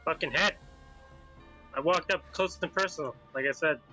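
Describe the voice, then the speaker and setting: Male player, high and very bright voice, irreverent banter. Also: moderate pace, dull audio, faint music behind. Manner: joking, irreverent. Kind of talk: casual game banter.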